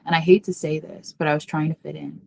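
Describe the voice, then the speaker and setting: This earnest psychic medium, a podcast guest, confides a personal story and calls herself by name. Her slightly low voice is fast and carries vocal fry. She tells it animatedly, and her voice shoots high when she imitates what others said.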